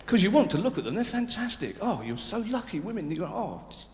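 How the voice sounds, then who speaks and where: A man doing live stand-up, swinging from loud mock outrage to low confiding murmurs. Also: sing-song, fast talker. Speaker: stand-up comedian. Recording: live hall recording with reverb and hiss.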